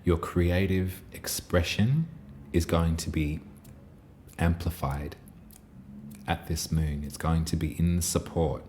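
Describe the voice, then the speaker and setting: A man giving an intuitive tarot reading in a soft, reassuring, meandering way, pausing often and restarting his phrases. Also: deep voice, a little hiss or hum. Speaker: tarot reader.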